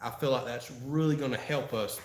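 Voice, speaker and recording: A man from Florida hosts a relaxed live-stream Q&A, his mid-range voice a little fast and a little mellow. He answers live chat folksily with frequent laughter, and the audio has slight background noise and a roomy echo.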